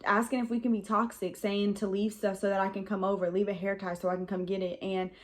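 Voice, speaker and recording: A woman's voice: mid-range voice, little pitch movement, quick pace. A young adult woman telling a personal story in a casual vlog, rambling and frank with many "um"s and "like"s. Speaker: vlogger.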